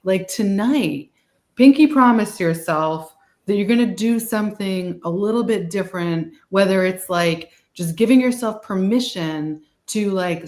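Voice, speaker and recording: A woman's voice: mid-range voice, roomy sound. A woman with a Boston accent speaks as a guest in a webinar on a video call. She rambles casually and fills her talk with "like" and "you know.".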